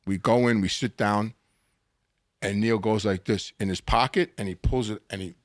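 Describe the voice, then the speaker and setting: An older man spins his stories in a lively, animated way, jumping in pitch when he acts out what people said. His voice is close and dry, with no room sound around it. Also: normal speed, dry recording. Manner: animated storyteller acting out quotes, frequent restarts. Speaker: guest. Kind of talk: storytelling interview.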